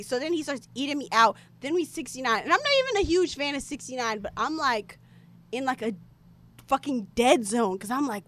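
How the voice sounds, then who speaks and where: A young American woman telling a story in casual, animated chat, with lots of filler words and sudden loud outbursts. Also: high-pitched, a little fast. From United States. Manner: animated, chatty, filler-heavy, bursts into shouting.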